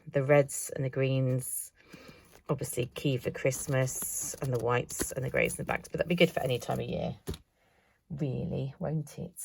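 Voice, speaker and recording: A woman's voice: sits low, a little hiss or hum. A woman showing her craft haul in a casual, chatty vlog, thinking aloud with self-mocking asides. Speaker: craft vlogger.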